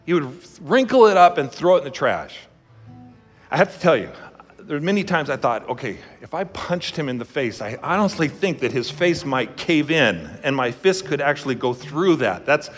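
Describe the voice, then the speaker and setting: A male pastor preaches in an emphatic, storytelling manner, his voice sitting a little high. His words ring out with a long reverb in a church hall, with faint music in the background. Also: expressive, normal speed. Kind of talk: sermon.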